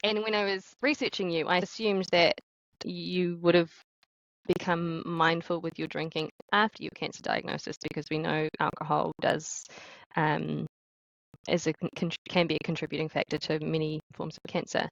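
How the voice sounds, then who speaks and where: A bubbly woman with a New Zealand accent, chatting as a podcast co-host and laughing easily. Her voice sits fairly low with a gravelly, creaky edge. The sound is dry and close. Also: flat delivery, moderate pace, no echo, highs cut off. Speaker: podcast co-host and life coach. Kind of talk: casual podcast chat.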